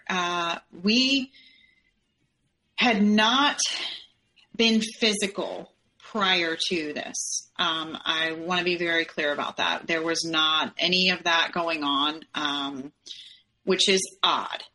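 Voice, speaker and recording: Candid woman guest, bright and sharp-toned, retelling events and voicing the quoted lines. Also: lowish voice. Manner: candid, acts out quoted dialogue in her retelling. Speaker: podcast guest. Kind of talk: personal storytelling in an interview.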